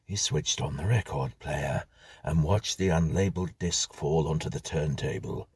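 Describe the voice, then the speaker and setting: A man reading a whimsical story aloud in a measured, dry-humored manner. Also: rumbling low, darkish tone, breathy edge, no echo. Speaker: narrator. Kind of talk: scripted storytelling.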